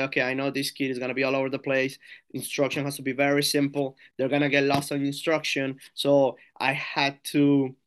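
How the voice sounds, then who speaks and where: Coach guy with a colombian accent, smooth clear voice, keeps restarting and repeating himself. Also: medium pitch, fairly bright tone. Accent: Colombian Spanish. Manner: earnest, many restarts and repeated words, acts out his own coaching cues. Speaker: strength coach, podcast guest. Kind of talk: casual podcast interview.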